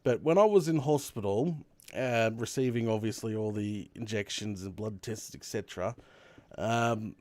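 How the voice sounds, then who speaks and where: A young Australian man, a streamer host, telling a story in casual chat with laughter and lively retelling. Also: fairly low pitch, moderate pace, dry recording.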